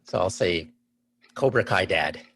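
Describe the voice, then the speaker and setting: Low-voiced Canadian-born man, enthusiastic. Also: lively intonation, a little slow, fairly bright tone, breathy edge. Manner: enthusiastic, thinks aloud before answering. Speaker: podcast guest. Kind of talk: casual interview chat.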